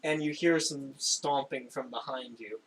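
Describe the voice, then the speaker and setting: A young man narrating a tabletop game as game master, in a casual, halting way with frequent laughs. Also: medium pitch, fairly bright tone, slight background noise, rough recording. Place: home room, recorded for a stream.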